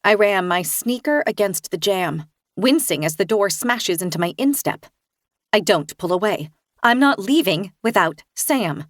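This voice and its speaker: A woman's voice: mid-range voice, animated, a little slow, dry recording, clean studio sound. A woman reading a first-person thriller audiobook in a tense, vivid storytelling manner. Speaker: narrator.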